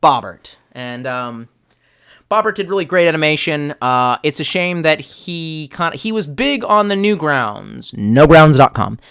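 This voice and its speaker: A man's voice: on the high side, animated, measured pace, pushed and bright, clear, resonant tone. A young man streaming live, chatting loosely and swearing a lot, trailing off and restarting as he reads chat. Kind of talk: rambling casual stream chat.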